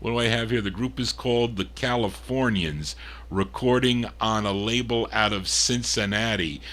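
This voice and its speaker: A man's voice: on the low side, normal speed, a bit bright. A man hosting a record show, chatting casually and correcting himself aloud as he introduces songs. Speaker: radio-style show host and record spinner.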